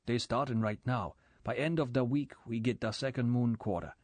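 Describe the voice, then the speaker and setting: A man's voice: mid-range voice, moderate pace, a little mellow, no room sound, natural voice. A male narrator voicing a worried, reluctant Cayman Islander boatman with a Caymanian accent and plain-spoken dialect.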